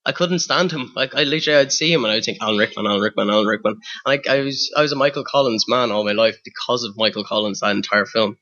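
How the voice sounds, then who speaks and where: A man's voice: mid-range voice, fast talker, hardly any pauses, sharp tone, dull audio. A young man from Ireland with an Irish accent, reading a personal essay to an audience in a wry, self-mocking way with rhetorical questions. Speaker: spoken word performer.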